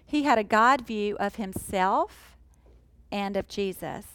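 A woman teaching a sermon in an earnest, emphatic way, slowing down to stress key phrases. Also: mid-range voice, fairly bright tone, clear, resonant tone, no echo, poor audio. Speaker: Bible teacher.

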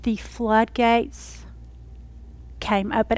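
A woman giving a personal testimony to a congregation, dramatic and folksy, swinging from loud exclamations to hushed whispers. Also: on the high side, normal speed, no echo. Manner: folksy, addresses the audience as y'all. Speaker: speaker addressing a congregation.

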